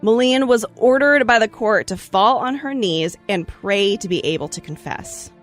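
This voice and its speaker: A woman's voice: mid-range voice, expressive, moderate pace, soft background music. A woman hosting a podcast, telling a history story in a breezy, chatty way with playful asides. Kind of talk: casual storytelling chat.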